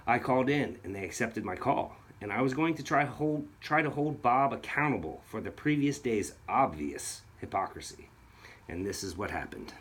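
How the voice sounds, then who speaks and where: A man's voice: medium pitch, fairly bright tone, breathy edge. A man narrating a video in an accusatory, sarcastic tone. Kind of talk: scripted narration.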